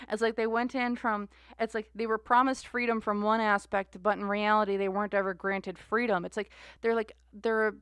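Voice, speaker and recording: A woman's voice: medium pitch, flat delivery, moderate pace, few pauses, fairly bright tone, clear, resonant tone, no room sound, studio quality. A woman doing a live-stream tarot reading, musing aloud with many restarts and fillers. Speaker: tarot reader.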